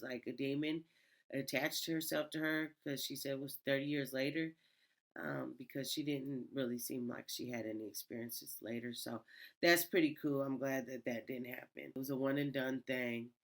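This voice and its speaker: A woman's voice: rumbling low, fairly bright tone. A woman hosting a channel where she reads Reddit stories, chatting casually and rambling with fillers and laughs. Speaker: host reading Reddit stories. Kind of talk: casual storytelling.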